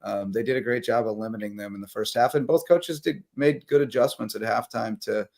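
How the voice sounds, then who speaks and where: A man hosting a late-night live sports talk show, chatting casually and rambling through sponsor shout-outs while tired. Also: mid-range voice, a little fast, gravelly. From South Carolina Lowcountry.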